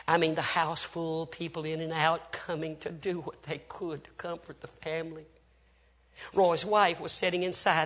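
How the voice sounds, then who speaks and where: A man preaching a sermon, telling a story with great drama, dropping to whispers and rising to cries as he acts out the people in it. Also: on the high side. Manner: swings from hushed whispers to loud cries.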